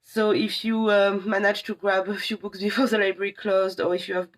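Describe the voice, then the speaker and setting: A young adult woman from a library staff giving a casual live demo of apps, chatty and enthusiastic with many pauses. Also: medium pitch, flat delivery.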